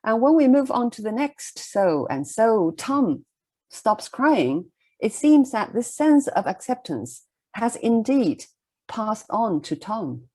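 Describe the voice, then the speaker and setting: A middle-aged woman giving a recorded literature lecture, explaining a poem in a measured way and often checking in with "okay?". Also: fairly high pitch, very animated, warm tone.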